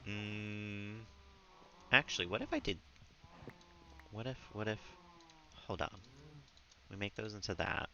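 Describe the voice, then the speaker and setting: This home streamer's voice sits on the low side, bright and forceful, unhurried with long pauses. He chats casually and giggles with his viewers and his pet while commenting on his game. The slightly dull stream mic picks up slight background noise.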